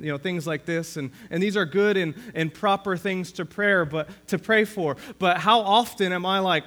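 A man's voice: high voice, normal speed, few pauses, fairly bright tone. A man preaching a sermon as pastor of a church, earnest and rising to emphasis when he quotes scripture.

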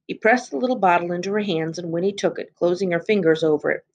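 A woman reading a children's novel aloud in a steady, expressive narration. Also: lowish voice, quick pace, dull audio. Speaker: reader.

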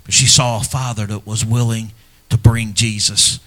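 A middle-aged man, a pastor, preaching a sermon in a church, earnest and personal, swinging from loud emphasis to hushed, near-whispered lines. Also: on the low side, flat delivery, moderate pace. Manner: earnest and personal, speaking to fathers.

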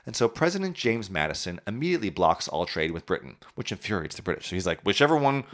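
Animated man joking through history. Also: low voice, fast. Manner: jokey, acts out historical figures in silly voices. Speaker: podcast host telling history. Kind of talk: casual history chat.

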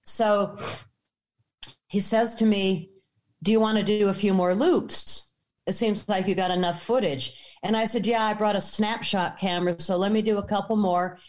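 A woman in an interview, animatedly telling a story and acting out the voices in it. Her voice sits at a middle pitch for a woman. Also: moderate pace. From United States. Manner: animated, acts out voices in anecdotes. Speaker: filmmaker guest.

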